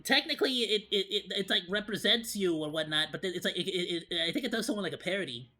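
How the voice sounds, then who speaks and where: A male VTuber talking in a put-on, high, cartoonish monkey voice, rambling with lots of fillers and restarts. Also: animated, fast talker, sharp tone. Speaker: VTuber streamer. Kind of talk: casual reaction stream.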